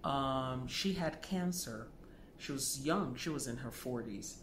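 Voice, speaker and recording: A man's voice: medium pitch, slow, fairly bright tone, roomy sound, a little hiss or hum. A man teaching about dreams, telling a personal story in a chatty way with many fillers and asides, and acting out the voices of the people he quotes. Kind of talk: storytelling lesson to camera.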